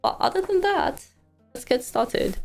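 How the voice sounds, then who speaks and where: A woman live streamer talks slowly and casually, chatting with her viewers and reading news aloud. She sometimes trips over difficult words. Soft music plays faintly behind her. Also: very high voice, sing-song, gravelly. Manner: chatty, thanks donors, stumbles over hard words.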